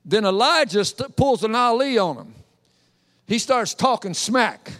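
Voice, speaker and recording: A man preaching a sermon, retelling scripture as a lively, joking story and acting out the scenes. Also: high voice, unhurried. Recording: long hall reverb.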